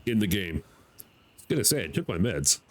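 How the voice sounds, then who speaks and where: An American man streaming a game live, talking to himself, excitable and swearing freely. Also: low-pitched, a little fast, rough recording. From United States. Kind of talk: live gameplay commentary.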